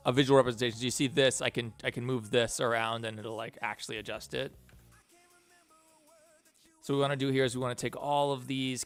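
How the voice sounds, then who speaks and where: A man's voice: medium pitch, vocal fry, fairly bright tone. A man streaming as an animator, chatting casually and thinking aloud while he works. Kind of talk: casual live stream chat.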